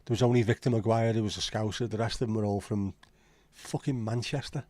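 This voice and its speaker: A man's voice: on the low side, level tone, fast, warm tone, no echo. A man with a Liverpool accent hosting a casual livestream chat, rambling and opinionated with frequent swearing. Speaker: livestream host.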